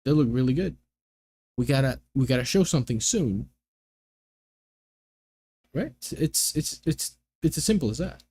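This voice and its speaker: A man's voice: mid-range voice, animated, moderate pace, long pauses, darkish tone, a little hiss or hum. A young man in casual chat as a gaming streamer, rambling through exasperated rants full of filler words.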